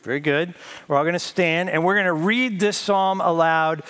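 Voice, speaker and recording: A man's voice: sits high, moderate pace, fairly bright tone, clean tone. A male pastor giving a conversational sermon with a self-deprecating sense of humor.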